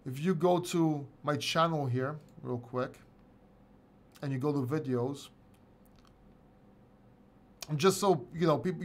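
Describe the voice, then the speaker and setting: A middle-aged man hosting a casual livestream chat, rambling, swearing and laughing often. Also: a little high. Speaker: host.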